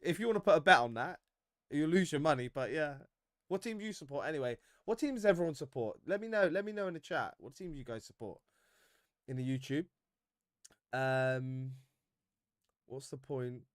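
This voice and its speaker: A man hosting a casual football fan livestream, reading viewer comments with animated banter and frequent laughs. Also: fairly high pitch, normal speed, pauses often, no echo, studio quality.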